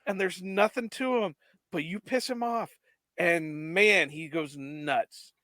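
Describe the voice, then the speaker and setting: A man's voice: high-pitched, slow pace, sharp tone, dry recording. A man co-hosting a podcast, chatty and laughing often as he tells stories in casual conversation. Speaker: podcast co-host.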